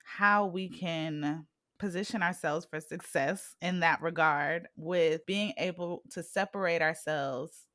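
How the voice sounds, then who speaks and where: A woman's voice: lowish voice, slow pace, fairly bright tone, no echo, studio quality. A woman in her thirties hosting an interview, chatty and thinking aloud as she asks questions, laughing often. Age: 30s. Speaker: podcast host. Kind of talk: casual interview chat.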